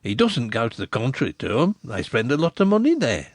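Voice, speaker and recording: A man voicing a gossipy village innkeeper who flatters and teases in a rustic dialect. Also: mid-range voice, fairly quick, no room sound, studio quality. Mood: flattering. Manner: smooth, teasing flattery.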